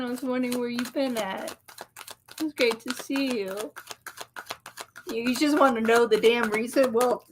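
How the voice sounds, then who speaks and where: A woman reads tarot for her live viewers in a slow, easygoing way. She chats casually and teases her audience. The recording carries a clear layer of noise behind her. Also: a little high. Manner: chatty, teasing, laughs easily. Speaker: tarot reader on a livestream. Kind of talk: casual live-stream chat.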